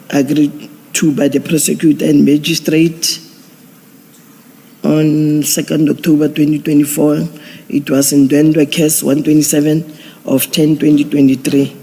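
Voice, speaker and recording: A man, a police general giving formal testimony at an inquiry, measured and procedural with frequent restarts. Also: a little high, creaky, dark tone. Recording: long hall reverb.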